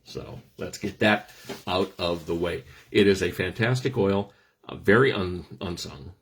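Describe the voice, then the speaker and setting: A man's voice: low voice, measured pace, a little hiss or hum. A middle-aged man hosting a casual talk on essential oils, explaining things with dry, self-deprecating jokes. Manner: joking, self-deprecating asides. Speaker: host.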